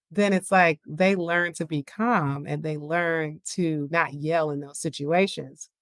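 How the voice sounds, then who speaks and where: A woman's voice: low voice, no echo. Candid chatty woman podcast host, dry sound. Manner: candid, chatty, frequent "like" and "you know". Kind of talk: casual podcast talk on parenting.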